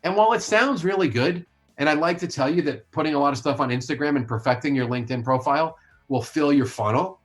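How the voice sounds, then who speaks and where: A man's voice: on the high side, fast, soft background music. A man talking as a sales coach and author in a podcast interview, blunt, emphatic and opinionated.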